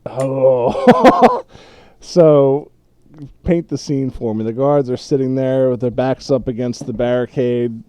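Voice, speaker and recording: A man's voice: medium pitch, sing-song, warm tone, no echo. Laid-back man running a tabletop game. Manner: loose, laughing, halting narration. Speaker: game master.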